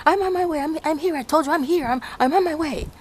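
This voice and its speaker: A woman's voice: high voice, lively intonation, unhurried, voice pushed up. A woman putting on the voice of an irritated man snapping into his phone, exasperated and repetitive.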